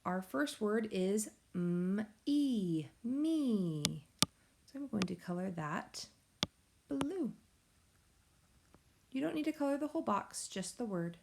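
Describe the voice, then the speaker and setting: Slow, patient woman teaching phonics. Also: mid-range voice, lively intonation, vocal fry, noisy background. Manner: slow, patient, sing-song explaining. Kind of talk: recorded phonics lesson for young children. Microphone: tablet or device mic.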